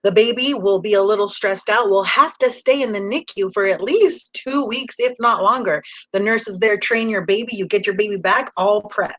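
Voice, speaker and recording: A woman improv performer on a video call, giving absurd advice in a brisk, matter-of-fact way. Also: medium pitch, rough recording.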